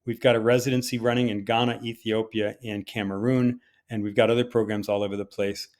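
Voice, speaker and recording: An older man, a physician, telling a personal story at a conference talk in a lively, conversational way with the odd filler. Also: fairly low pitch, brisk. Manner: hesitant with fillers at times.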